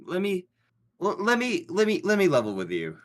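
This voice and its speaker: A man playing his character in a tabletop game, talking in a halting way with restarts. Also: high-pitched, wildly swooping pitch. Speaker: player.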